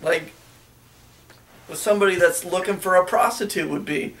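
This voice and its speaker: A man's voice: high voice, fast talker, fairly bright tone, far from the mic. A young man crudely retelling a story in casual chat, rambling and sometimes mimicking the characters.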